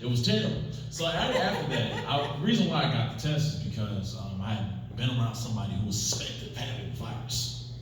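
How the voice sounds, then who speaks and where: A man's voice: lowish voice, brisk, noisy background. A man performing stand-up, his voice swinging up and down as he acts out other people's lines. The sound is heavily echoey, with the mic set some way off from him. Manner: animated storytelling with acted-out quotes. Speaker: stand-up comic. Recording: very echoey room, mic far off.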